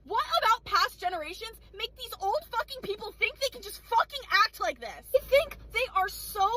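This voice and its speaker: A woman's voice: very high-pitched, animated, normal speed, crowd noise, low-quality recording. Blunt, swearing teenage server woman. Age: late teens. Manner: blunt and exasperated, heavy swearing. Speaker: restaurant server. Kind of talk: ranting vlog monologue. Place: in a car.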